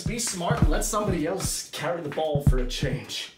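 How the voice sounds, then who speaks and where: A man's voice: on the high side, lively intonation, normal speed. A man performing a theatrical monologue on a small stage, scolding and nagging in a stream of stock phrases. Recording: roomy recording with loud music.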